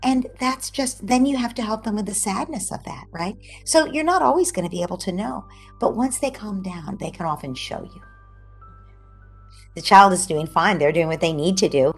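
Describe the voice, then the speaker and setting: A woman speaking as an expert guest on a video call, animated as she explains her advice and often checks in with "right?". Her pitch sits in an ordinary middle range. Faint music plays under her voice. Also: moderate pace, husky. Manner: animated, acts out parent and child voices, often tags "right?". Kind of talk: explaining advice in an online interview.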